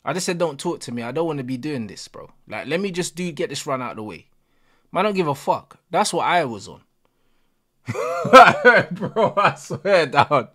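A young man, reacting live to a football match as a streamer, excitable and full of slang. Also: fairly high pitch, quick pace. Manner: excitable, slangy, repeating exclamations. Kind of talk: live watch-along reaction.

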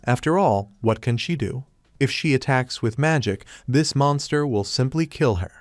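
A man narrates a story recap from a script. His pitch sits in the middle, and he keeps a steady, even pace through the action. The sound is dry and close. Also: moderate pace, no room sound.

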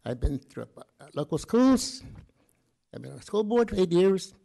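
Older man, 80s, gravelly, husky, halting, earnest, emotional, public comment. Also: sits high, sing-song, dark tone. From California. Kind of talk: public comment at a city meeting. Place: council chamber.

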